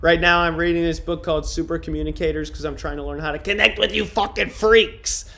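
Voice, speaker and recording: A man streaming in casual livestream chat, trying out deadpan stand-up jokes on his viewers. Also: fairly high pitch, brisk, creaky.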